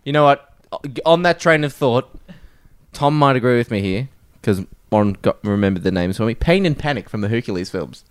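A man chatting casually in a group, excitable and swearing freely. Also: medium pitch, moderate pace, clean tone.

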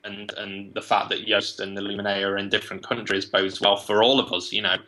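A man with an English accent talks casually as an interview guest. His voice sits low but has a bright, forceful edge. He thinks aloud and restarts his sentences often. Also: flat delivery, brisk, poor audio. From England. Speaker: guest, web agency founder.

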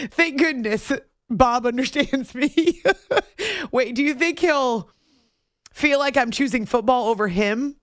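A woman's voice: high voice, animated, takes it slowly, no echo. A woman hosting a late-night sports radio show in a studio, playful and teasing, laughing often and a bit giddy from lack of sleep. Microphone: studio mic.

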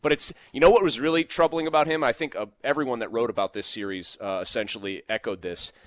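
A man co-hosting a sports talk show, arguing his points in animated casual debate and often saying "like". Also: mid-range voice, quick pace, dry recording. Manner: argumentative, animated, fond of "like".

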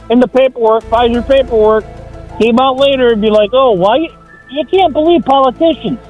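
A man's voice: extremely high pitch, darkish tone, poor audio. A man calling into a morning radio show, blunt and emphatic, joking with the hosts. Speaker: caller. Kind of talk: call-in radio chat.

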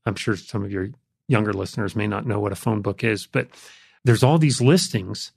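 Older guy with a low gravelly voice, laid-back storytelling, lots of ums, dry close mic. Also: normal speed, no echo. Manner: relaxed, reflective, frequent fillers. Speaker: interview guest. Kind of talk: conversational storytelling.

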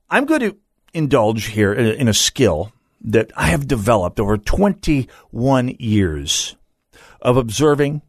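A man's voice: medium pitch, dry recording, clean studio sound. A man hosting a political talk radio show, delivering a sardonic, mocking monologue with frequent stammered restarts.

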